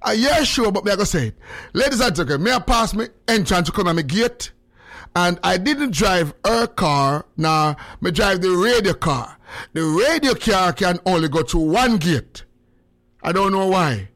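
A man with a Jamaican accent, co-hosting a casual couple's chat and telling stories with lively asides to the listeners. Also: high-pitched, normal speed. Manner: animated storyteller, addresses listeners as ladies and gentlemen. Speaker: podcast co-host.

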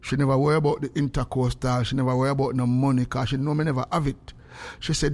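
A middle-aged man with a Jamaican accent, chatting casually as a radio host in patois, now and then breaking into song or a shout. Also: medium pitch, a little fast. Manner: patois, animated, bursts into singing and shouting.

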